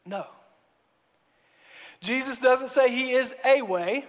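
A man preaching a sermon, animated, acting out mock dialogues and building to emphatic declarations. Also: very high-pitched, takes it slowly, big-room sound. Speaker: pastor.

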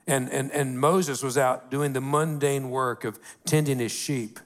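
Folksy pastor preaching a sermon. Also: male voice, medium pitch. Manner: folksy, peppered with "you know", slows down to stress key phrases. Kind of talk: conversational sermon.

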